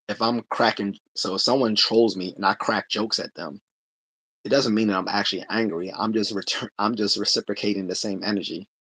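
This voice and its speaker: Livestream host, male, low husky voice, relaxed talky delivery with lots of restarts. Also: no echo. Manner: conversational, laughs often, many restarts. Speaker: livestream host answering chat. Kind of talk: casual livestream chat.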